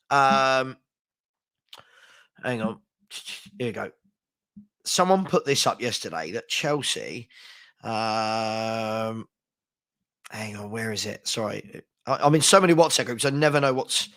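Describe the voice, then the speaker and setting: A man's voice: medium pitch, a bit bright. A man hosting a casual live-stream chat, frustrated and rambling, reading out viewer comments as he talks. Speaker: host.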